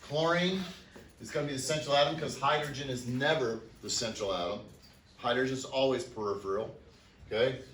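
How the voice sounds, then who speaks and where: A male teacher lectures a class in an upbeat, joking way, counting out loud and firing questions at his students. His voice is bright and forceful. It is recorded in an echoey classroom, picked up from across the room. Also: medium pitch, brisk, a little hiss or hum. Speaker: chemistry teacher. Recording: echoey classroom, mic far off.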